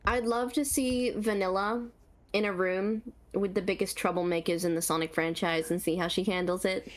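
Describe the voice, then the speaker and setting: A woman's voice: medium pitch, fairly even intonation, moderate pace. Bubbly Australian woman, voice actor guest at a convention Q&A, laughs easily and repeats lines for emphasis. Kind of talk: convention panel Q&A.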